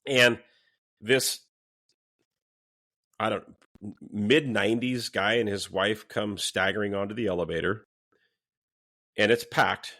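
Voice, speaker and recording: A man's voice: fairly low pitch, slow, pauses often. A man, a former police officer, telling a story in a casual podcast interview, swearing freely and acting out what people said. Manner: animated, swears freely, acts out quoted lines.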